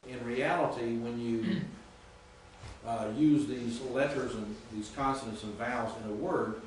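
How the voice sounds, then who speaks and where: A male professor giving a classroom lecture, patiently spelling out Greek sounds and repeating words slowly. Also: medium pitch. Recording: echoey classroom from far off with faint noise.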